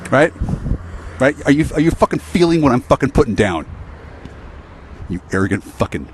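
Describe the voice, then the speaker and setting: A man's voice: medium pitch, sing-song, moderate pace, slight background noise. Profane rambling man ranting outdoors. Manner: profane, rambling, with stammered restarts and sighs. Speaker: vlogger. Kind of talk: angry rambling monologue to camera.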